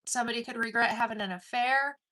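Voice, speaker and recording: A woman's voice: a little high, fairly even intonation, quick pace, bright, forceful tone. A woman giving an intense collective tarot reading, swearing casually and calling the listener "dude". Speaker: tarot card reader.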